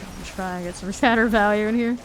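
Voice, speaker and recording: A woman's voice: medium pitch, steady tone, a little fast, slight background noise. A woman streaming a game live, thinking aloud and calling out enemies as they appear. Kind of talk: live gameplay commentary.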